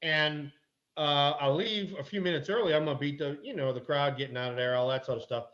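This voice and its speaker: A middle-aged man, a former ballplayer and guest, telling an animated anecdote with mild swearing. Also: on the high side, a little fast, muffled recording. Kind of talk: casual chat, storytelling.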